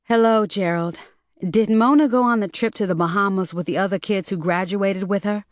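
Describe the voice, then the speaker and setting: A woman's voice: mid-range voice, steady tone, moderate pace, no room sound, studio quality, natural voice. A woman voicing a worried, determined mother who speaks sharply and insistently. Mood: urgent.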